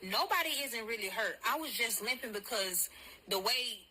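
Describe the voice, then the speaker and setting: A woman telling a personal story to viewers in a blunt, profane, animated way. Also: fairly high pitch, moderate pace, a little hiss or hum, low-quality recording.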